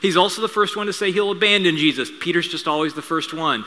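Man, pastor, sermon, storytelling with asides, crisp bright voice, long echo of a big hall. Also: sits high, a little fast, few pauses. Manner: conversational storytelling with asides and humor. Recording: reverberant hall sound.

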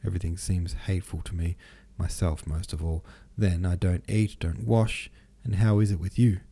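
A man's voice: low voice, fairly even intonation, normal speed, mellow, husky. A man reading the part of an earnest, troubled young nobleman who asks pleading questions.

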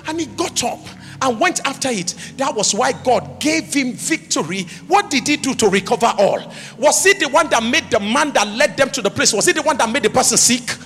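A man with a high, bright, forceful voice preaches an emphatic sermon, throwing rhetorical questions at the congregation and rising into shouts. His words ring out with a long reverb through a church hall, while faint music plays underneath. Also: expressive, normal speed.

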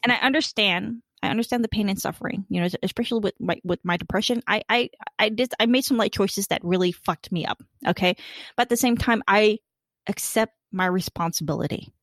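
A woman's voice: mid-range voice, brisk, fairly bright tone, no echo, clean studio sound. A woman hosting a podcast in casual chat, candid and emphatic. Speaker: podcast host. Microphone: studio mic.

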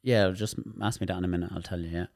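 Irish man, deep voice, dry close sound, chatty therapist guest who explains with lots of repeats and little demonstrations. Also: racing, no room sound. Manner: animated, demonstrative, repeats words while explaining. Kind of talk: casual interview chat.

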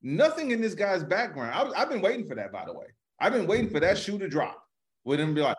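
A comedian co-host chatting on a live-streamed podcast, loose and animated, swearing freely. He has a slightly higher-than-usual voice and breaks off now and then to read out viewer comments. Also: fast talker.

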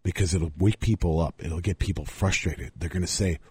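A hoarse man from Montreal, losing his voice, passionately ranting as co-host of a casual sports chat. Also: sits low, a little fast, a little mellow, dry recording. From Montreal, Canada. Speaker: podcast co-host.

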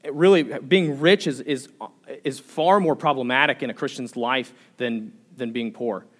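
A young adult man preaching from the pulpit, earnest and direct. He leans on repeated rhetorical questions and often trips and restarts mid-phrase. His voice sits at an ordinary middle pitch. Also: moderate pace. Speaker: pastor. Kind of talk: sermon.

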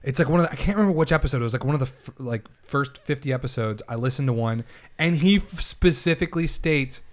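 A man's voice: medium pitch, quick pace. A young man hosting a podcast, ranting heatedly and swearing in casual chat. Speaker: podcast host.

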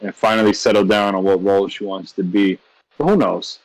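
A man's voice: fairly low pitch, flat delivery, fairly quick, dry recording, rough recording. A man co-hosting a casual manga podcast, laid-back and slangy, often checking in with "you know what I'm saying.". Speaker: podcast co-host. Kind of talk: casual manga review chat.

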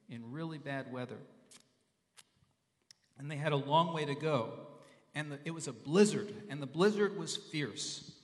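A male pastor giving a sermon in a conversational way, repeating phrases and sounding out Hebrew and Greek words. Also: fairly high pitch. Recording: long reverb in a large hall.

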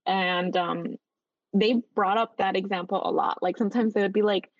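A woman teacher talking casually as a podcast guest, chatty and full of fillers, lively when she retells her students' words. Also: medium pitch, normal speed, no room sound, highs cut off. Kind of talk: casual interview chat.

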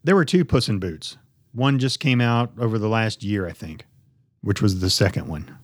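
A man's voice: fairly low pitch, expressive, normal speed, no echo, studio quality. A man co-hosting a podcast in casual chat, blunt and joking, swearing often. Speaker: podcast co-host.

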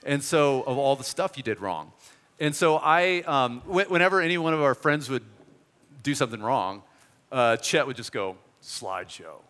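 Animated preaching man in a reverberant hall. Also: medium pitch, normal speed, clean tone. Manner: animated storytelling with quoted voices. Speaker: pastor. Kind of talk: sermon. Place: church hall.

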